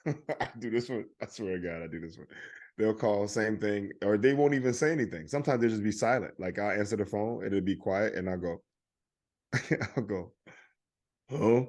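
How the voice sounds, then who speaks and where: A man's voice: fairly low pitch, normal speed, darkish tone. A man casually telling stories on a podcast, laughing and acting out phone calls. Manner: laughing, storytelling, acts out calls. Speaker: podcast co-host. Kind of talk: casual chat.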